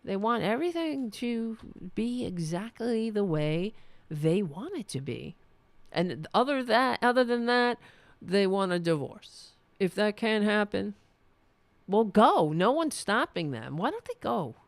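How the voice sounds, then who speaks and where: Woman, political livestream host, slow delivery, fiery swearing rant, dry close mic. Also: medium pitch, very animated, dry recording. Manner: impassioned, swearing, ranting. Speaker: political talk show host. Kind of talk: casual political livestream commentary.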